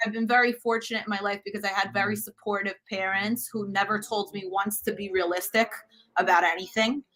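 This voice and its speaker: Bright, lively woman in her thirties. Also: medium pitch, a little fast. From United States. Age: 30s. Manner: animated, frank and emphatic. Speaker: guest, cooking show host. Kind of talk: casual interview chat.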